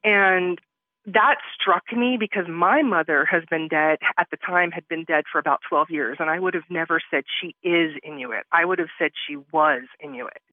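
A woman's voice: fairly low pitch, moderate pace, dry recording. A woman telling her story as an interview guest, talking conversationally with frequent fillers. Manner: conversational, with many "I was like" and "um" fillers. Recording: tinny phone-line audio.

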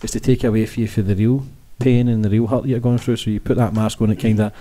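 Scottish podcast host, warm low-key voice, fast, keeps saying mate. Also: male voice, flat delivery. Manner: earnest, sweary, says mate a lot. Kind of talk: casual podcast chat.

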